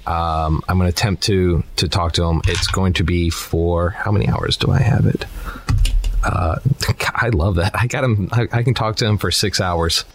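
Very deep-voiced man playing a tabletop game. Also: moderate pace, a little hiss or hum. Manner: relaxed, thinking aloud with fillers. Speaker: player.

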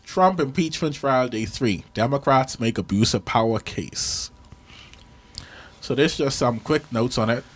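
A man's voice: mid-range voice, lively intonation, unhurried. Rambling male podcast host. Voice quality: rambling, digressive. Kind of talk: casual podcast chat.

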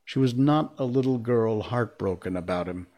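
A man reading a storybook aloud as narrator, measured and expressive. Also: medium pitch.

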